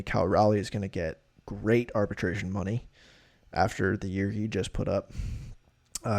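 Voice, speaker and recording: Man, solo podcast host, medium voice, casual opinionated rant with plenty of fillers. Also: mid-range voice. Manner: opinionated and animated, loose with fillers like "like" and "uh".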